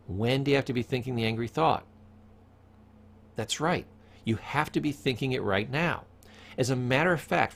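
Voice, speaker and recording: Speaking with vocal fry in a mid-range voice, a man teaches a recorded psychology course. He is emphatic, returns to his key points again and again, and questions the listener directly.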